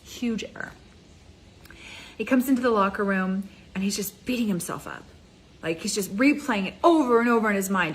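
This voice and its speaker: A middle-aged woman gives a motivational talk straight to her audience. She talks in a casual, energetic way and keeps asking her listeners direct questions. Her voice sits at an ordinary pitch for a woman. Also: slight background noise, rough recording. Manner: energetic, conversational, addresses viewers directly. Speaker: mind ascension coach.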